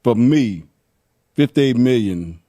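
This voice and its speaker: A man's voice: mid-range voice, expressive, takes it slowly, warm tone, dry recording. A man on a sports debate panel, laying out his view in a matter-of-fact way. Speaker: sports analyst.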